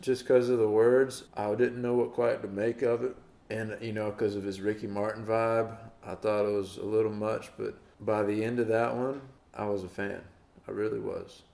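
A man's voice: fairly low pitch, vocal fry, darkish tone. A man hosting a music reaction video, chatting casually and playfully mock-quoting the singer. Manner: playful, mock-quotes the singer in put-on voices. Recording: roomy echo.

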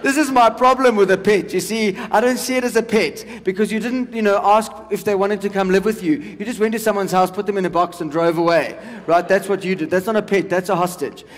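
A man's voice: high-pitched, a little fast, few pauses. A South African man in his forties doing a stand-up comedy set, chatty and teasing the crowd. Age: 40s. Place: large hall on stage. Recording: long hall reverb.

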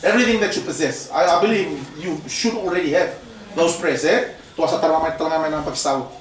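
A man's voice: fairly high pitch, quick pace. A man preaching at a mission training, peppering his talk with "praise the Lord" and "eh?". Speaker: pastor leading mission training. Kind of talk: preaching sermon. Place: church hall. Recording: echoey church hall, mic far off.

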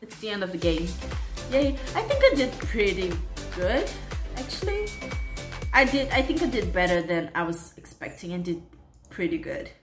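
A woman's voice: medium pitch, big pitch swings, moderate pace, echoey room, over music. A woman hosting a reaction video, talking casually and unsure of herself, muttering guesses and often laughing.

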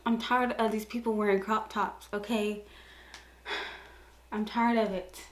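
A young woman hosting a casual reaction video, gushing with excited exclamations. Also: mid-range voice, unhurried.

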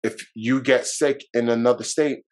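A man's voice: mid-range voice, fairly even intonation, normal speed, darkish tone, low-quality recording. A man guest on a podcast, telling a personal story in a loose, rambling way, with fillers and swearing, emotional and at times near tears.

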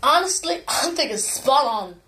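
A woman's voice: sits high, lively intonation, normal speed, noisy background. A woman chatting casually on her vlog, rambling, apologetic and giggly. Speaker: gaming channel youtuber.

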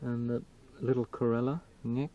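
A man's voice: medium pitch, fairly even intonation, normal speed. A man eliciting words in a field session, giving English glosses and checking pronunciations. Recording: dull distant old field tape.

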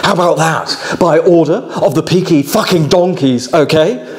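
A man's voice: on the high side, moderate pace, slight background noise, pitched above the performer's own voice, natural voice. A man impersonating a hot-headed, abusive celebrity who swears and punctuates every line with "okay?". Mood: ranting.

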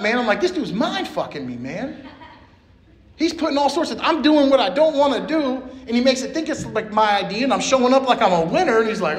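A man's voice: high voice, big pitch swings, normal speed. Blunt, profane man in an echoey room. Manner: blunt, profane, street slang. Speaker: speaker at a recovery meeting. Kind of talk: personal recovery share. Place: meeting room.

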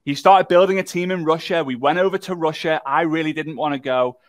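Man, workshop presenter, animated joking storyteller, slightly high voice, dry close sound. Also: fairly quick, dry recording. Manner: animated, jokey storyteller who talks to the chat. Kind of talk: live online workshop storytelling.

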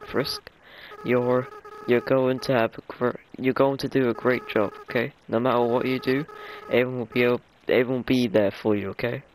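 A man voicing a gentle, tearful young male goat monster from a video game, in a soft, halting, choked-up voice. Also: medium pitch, steady tone, slight background noise, natural voice, poor audio. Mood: tender. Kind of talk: voicing game dialogue aloud. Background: game music.

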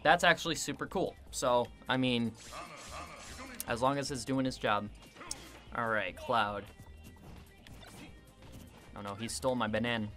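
A man giving casual gameplay commentary, excitable and self-mocking, quick to vent his frustration. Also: mid-range voice, soft background music. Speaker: gaming video creator.

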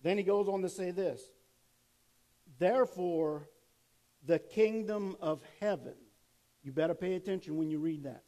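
A man's voice: sits high, fairly even intonation, normal speed, rough recording. A male pastor preaching a sermon, reading scripture aloud, commenting between verses and asking the congregation questions he then answers. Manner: turns quiet and soft when telling a family story.

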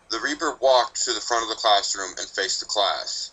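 A man narrating a fan story in a steady, even storytelling manner. His voice sits low but sounds very bright and crisp. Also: moderate pace, poor audio. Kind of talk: scripted narration of fan fiction.

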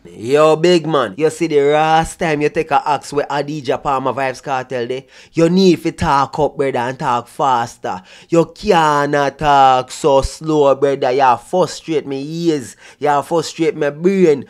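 Jamaican guy reacting to clips, fed up and mocking, heavy patois, bit high voice. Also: a little slow, hardly any pauses. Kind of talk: casual reaction commentary.

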